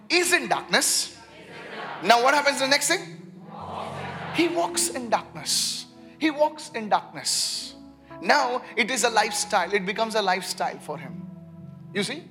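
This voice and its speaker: A man preaching a sermon as pastor, leading the congregation in call-and-response and swinging from hushed lines to shouts. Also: very high-pitched. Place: church.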